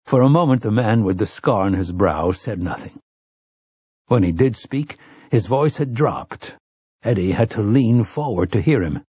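A man reading an audiobook in steady, measured scripted narration. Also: fairly low pitch, husky, dry recording.

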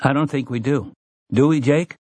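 A man voicing a wry, restless young man in a storybook reading, talking in an animated, wisecracking way. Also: mid-range voice, normal speed, dry recording, voice pushed up, natural voice. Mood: worried.

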